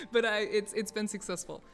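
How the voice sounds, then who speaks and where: A woman's voice: mid-range voice, vocal fry. A young woman chatting casually with viewers on a stream, rambling with lots of fillers and frequent laughter. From United States. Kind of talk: casual chat. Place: office.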